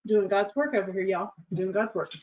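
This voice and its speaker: A woman's voice: medium pitch, fairly quick, over loud music. A woman hosting her show, telling a candid personal story in a bubbly, crude, laughing way. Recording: slightly dull lo-fi recording.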